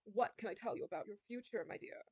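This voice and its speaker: A woman's voice: medium pitch, fast, darkish tone, breathy edge, no room sound, muffled recording, voice pushed up, lightly acted. A woman reading a dramatic, fussy female fortune teller in a game with a grand, showy delivery.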